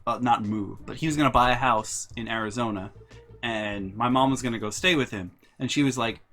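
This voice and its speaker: A young man vlogging a storytime, telling family anecdotes in an animated, sweary, casual way. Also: medium pitch. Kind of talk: storytime vlog.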